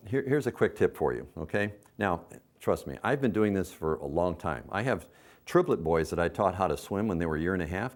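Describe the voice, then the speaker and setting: A man's voice: low-pitched, darkish tone. A middle-aged man, a swim instructor, giving folksy coaching tips in an instructional video. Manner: folksy, coaching, acts out a parent's sing-song counting.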